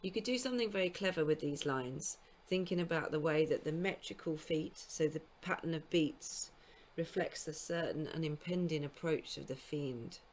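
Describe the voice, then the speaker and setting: A woman giving a recorded literature lecture to school students, explaining in a measured way and now and then correcting herself mid-phrase. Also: deep voice. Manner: speaks scansion aloud in sing-song beats. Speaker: university lecturer.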